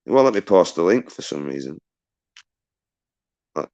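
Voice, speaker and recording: Hosting a livestream at normal speed, a man with a deep, low, sing-song voice reads chat messages aloud and shouts out viewers. Between greetings he rants in an agitated way and swears freely.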